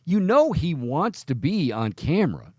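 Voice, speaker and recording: A man's voice: a little high, big pitch swings, measured pace, husky, dry recording, studio quality. A man hosting a sports radio talk show, rambling and opinionated, often cutting himself off mid-sentence. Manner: rambling, self-interrupting, opinionated. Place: radio studio.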